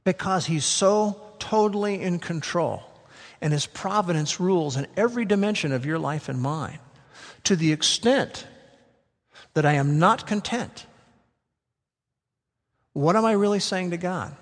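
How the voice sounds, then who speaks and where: High-voiced man preaching in a reverberant hall. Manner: emphatic, slows down to stress key words. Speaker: pastor. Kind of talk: sermon.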